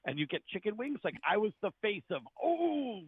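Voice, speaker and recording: A man's voice: high-pitched, fast talker, slightly rough, no room sound. A man, a comedian, telling stories in a casual interview and acting out the people he quotes. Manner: animated storyteller, acts out quoted people. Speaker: comedian guest. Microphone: phone line. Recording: tinny phone line, dry.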